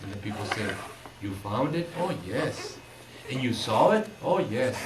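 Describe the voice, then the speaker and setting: A male teacher tells a folk tale to a class of children, drawing out his words and lifting his voice for the quoted villagers. He is recorded from across an echoey classroom, with steady room noise behind him. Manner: animated, slow and emphatic, rising pitch for quoted villagers. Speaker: bilingual elementary school teacher telling a story. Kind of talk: storytelling to children. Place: school classroom. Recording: echoey classroom from far off, noisy.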